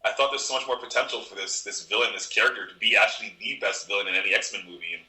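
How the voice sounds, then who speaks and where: A man co-hosting a podcast, talking quickly in a casual movie review chat and repeating words as he thinks. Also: on the low side, sharp tone, reverberant, low-quality recording. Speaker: podcast co-host.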